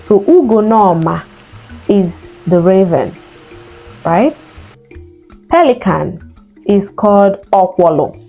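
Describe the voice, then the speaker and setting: A woman, an Igbo speaker, teaching vocabulary and slowly repeating each word for learners to copy. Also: medium pitch, animated, warm tone, soft background music. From Nigeria. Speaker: language teacher. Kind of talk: vocabulary lesson.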